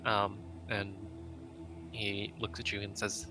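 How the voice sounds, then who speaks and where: A man acting as game master, narrating a tabletop game in a relaxed, halting way. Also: lowish voice, over music.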